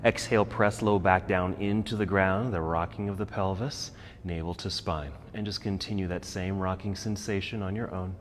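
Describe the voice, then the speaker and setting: A man teaching a yoga class with calm, encouraging step-by-step cues. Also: low voice, normal speed, few pauses. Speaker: yoga instructor. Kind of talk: guided yoga class instruction. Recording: echoey room with faint background noise.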